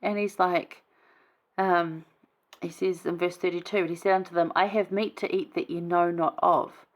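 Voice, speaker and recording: A woman's voice: fairly low pitch, fairly even intonation, normal speed. A woman giving casual scripture commentary in a chatty, informal way, reading verses aloud and then explaining them. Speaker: Bible study vlogger.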